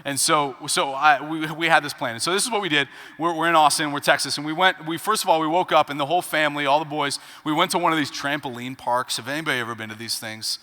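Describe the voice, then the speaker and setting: A man in his thirties preaching a sermon as pastor, telling a family story with big swings between hushed asides and loud punchlines. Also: on the high side, quick pace, hardly any pauses. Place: church sanctuary. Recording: reverberant church hall.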